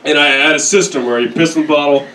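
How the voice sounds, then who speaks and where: Young male comedian, crude self-mocking stories, slightly high voice, echoey room heard from a distance. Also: pushed and bright, slight background noise. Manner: crude, self-deprecating storytelling with quick put-on voices. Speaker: stand-up comedian. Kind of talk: stand-up set. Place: comedy club stage. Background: audience laughter.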